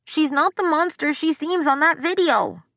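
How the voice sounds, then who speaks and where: A woman's voice: sits high, expressive, normal speed, creaky, a bit bright, no room sound, studio quality, voice pushed up, exaggerated voice. A woman voicing a loyal young girl who speaks in a muffled, defensive way in an audiobook.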